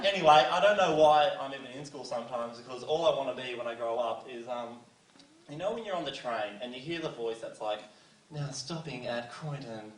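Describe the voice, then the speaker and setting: A teenage stand-up comedian with a voice on the high side performs a rambling, self-deprecating set full of fillers on a school comedy stage before a live audience. He's recorded from afar in an echoey hall, with the crowd laughing in the background.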